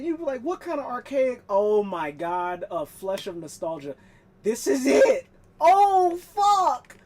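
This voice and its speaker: A woman's voice: fairly low pitch, a little hiss or hum. A woman gaming streamer talking casually on stream, ranting in a profane, emphatic and exasperated way.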